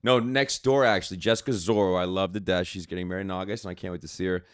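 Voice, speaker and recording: A man telling stories as a podcast guest in a casual, animated way, laughing often and filling his talk with "like". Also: sits low, fast, clear, resonant tone, dry recording, studio quality. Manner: animated, laughing, lots of fillers. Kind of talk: casual storytelling.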